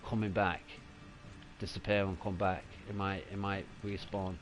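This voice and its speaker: A man giving casual, excitable live commentary while streaming a video game. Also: sits low, normal speed, faint music behind.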